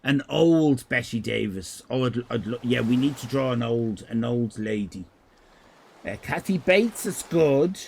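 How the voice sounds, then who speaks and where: Irish man, live streamer, casual rambling chat, crude and irreverent, gravelly, lively pitch. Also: measured pace, slight background noise. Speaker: livestreamer.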